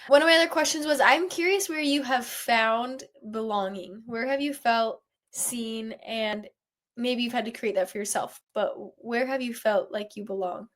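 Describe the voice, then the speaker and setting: Woman host, slightly high voice, asks soft, attentive questions. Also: moderate pace. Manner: attentive, gently curious questioning. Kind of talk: interview conversation.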